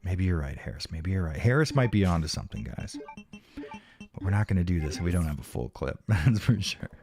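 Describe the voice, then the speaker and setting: A man's voice: deep voice, sing-song, brisk, over music. A man streaming a game live, frustrated and swearing as he chats with viewers and thanks donors, his voice starting to wear out. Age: adult. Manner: frustrated, swearing, talking to chat. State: voice starting to go hoarse. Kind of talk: live gameplay stream chat.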